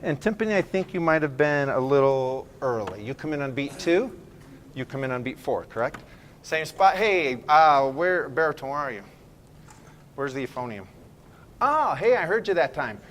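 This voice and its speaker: Brisk man directing a band rehearsal. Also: on the high side, big pitch swings, a bit bright, a little hiss or hum. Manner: brisk and encouraging, counts off and sings phrases to demonstrate. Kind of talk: ensemble rehearsal instruction. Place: school band rehearsal room.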